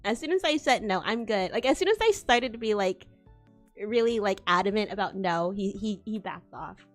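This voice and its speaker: A young woman streaming, telling a story in casual chat with lively delivery, frequent laughter and swearing. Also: mid-range voice, moderate pace, faint music behind. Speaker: VTuber streamer.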